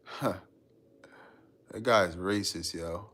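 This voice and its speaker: A man hosting a casual live stream, reading out viewer comments and riffing on them in a relaxed, slangy way and laughing often. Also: deep voice, slow.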